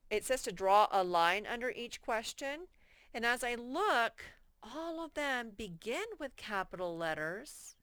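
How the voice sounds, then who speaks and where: A woman teaching a first grade reading lesson, slowly sounding out words in a patient way. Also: medium pitch, a bit bright, no room sound. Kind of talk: reading lesson for young children.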